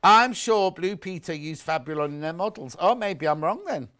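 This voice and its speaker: A man's voice: on the high side, lively intonation, moderate pace, fairly bright tone. A middle-aged British man presenting live on a shopping channel, chatting and gossiping between products and viewer messages. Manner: chatty, gossipy, rambling asides. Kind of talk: live selling chat, reading viewer messages.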